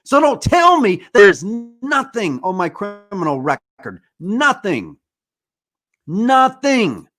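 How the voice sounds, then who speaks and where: Fired-up guy in his 40s ranting on his podcast, pretty high voice, lots of swearing. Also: sing-song, measured pace, hardly any pauses, a bit bright, faint music behind. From United States. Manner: angry, profane ranting. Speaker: podcast host. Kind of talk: impassioned monologue.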